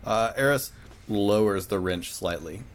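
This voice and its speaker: Low-voiced man describing his character's moves. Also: a little slow. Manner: narrates his character's actions in third person. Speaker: player. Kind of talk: casual tabletop play.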